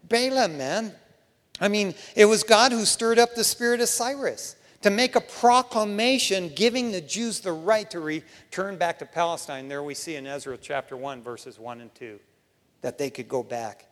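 A male preacher giving a sermon, telling scripture stories in an animated way with casual asides. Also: sits high, normal speed, big-room sound.

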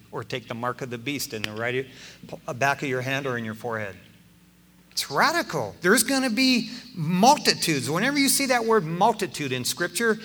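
An older man preaching a sermon to his church in an animated, folksy way, dropping "man" into his sentences. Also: on the high side, a little hiss or hum. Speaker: pastor.

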